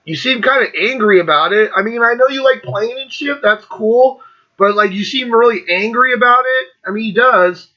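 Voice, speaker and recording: A man's voice: very high voice, normal speed, bright, forceful tone, muffled recording. Profane ranting man in his fifties. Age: 50s. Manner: blunt, profane, mocking, laughs often. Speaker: podcast host. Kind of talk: profane rant.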